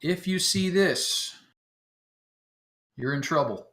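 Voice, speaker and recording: A man acting as game master, explaining the setup to his players in a relaxed way, with many fillers and chuckles. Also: a little high, slow. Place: home, talking over voice chat.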